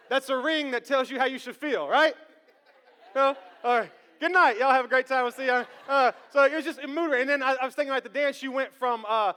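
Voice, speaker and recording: A man in his thirties preaching a sermon as pastor, animated and joking with the congregation. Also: very high voice. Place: church sanctuary. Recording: long church hall reverb.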